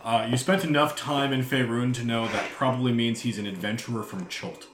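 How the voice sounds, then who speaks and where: A game master runs a tabletop game, narrating in a relaxed manner full of fillers. His mid-range voice moves briskly, and the room is echoey with noise in the background.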